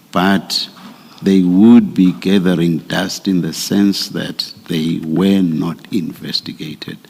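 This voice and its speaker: Very deep, gravelly commissioner questioning. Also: male voice, a little mellow, in a large hall. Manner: measured, presses with repeated questions. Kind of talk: formal questioning at a hearing.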